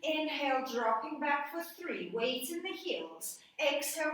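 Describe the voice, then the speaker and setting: A woman's voice: high voice, sing-song, measured pace, hardly any pauses, fairly bright tone. A woman fitness instructor guiding a workout, cueing breaths and counting reps, a little out of breath. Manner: encouraging, counts and cues breathing. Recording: echoey room, voice from a distance.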